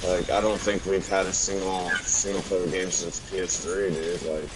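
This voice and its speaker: Low-voiced young gamer, rambly casual chat, noisy garbled voice-chat mic. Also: male voice, flat delivery, moderate pace. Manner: rambling, many "like" fillers. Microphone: online voice chat mic.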